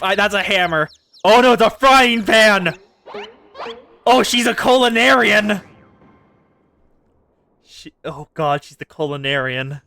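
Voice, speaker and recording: A woman streaming a game, reacting with excited gasps and quick commentary. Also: medium pitch, no echo. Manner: excitable, gasping and laughing reactions.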